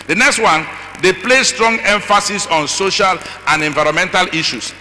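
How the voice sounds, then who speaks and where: A middle-aged man speaking as a conference speaker, animated and acting out voices with asides to the audience. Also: high-pitched, moderate pace. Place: large conference hall. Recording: long hall reverb, faint noise.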